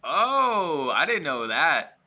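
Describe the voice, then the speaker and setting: A man's voice: on the high side, sing-song, slow pace, pushed and bright. A man hosting a podcast, chatting casually and enthusiastically with his guest. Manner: enthusiastic, laughs often. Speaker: podcast host. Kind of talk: casual interview chat.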